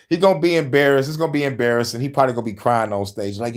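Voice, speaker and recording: Man, thirties, middle-pitched, profane casual chat, frequent laughter. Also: fast. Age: 30s. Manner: laughs often, bursts into loud shouted impressions. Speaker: podcast host.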